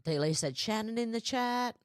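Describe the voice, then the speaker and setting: An Australian woman hosting a livestream, chatting casually and reading viewer comments aloud in a lively quoting voice. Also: on the high side, normal speed, dry recording, studio quality. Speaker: livestream host.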